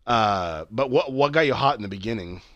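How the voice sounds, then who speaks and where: A man's voice: fairly low pitch, expressive, fairly quick, a bit bright, no echo. A man chatting casually as a podcast co-host, rambling with many fillers and restarts and swearing freely. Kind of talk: casual chat recapping a TV show.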